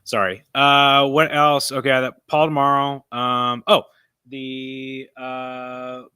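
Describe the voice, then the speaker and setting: A man's voice: medium pitch, little pitch movement, slow, pushed and bright, clear, resonant tone, no room sound, studio quality. A man hosting a casual live-stream chat in a comic book store, rambling and correcting himself, with a slightly froggy voice. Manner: rambling, self-correcting, laughs often. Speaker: host.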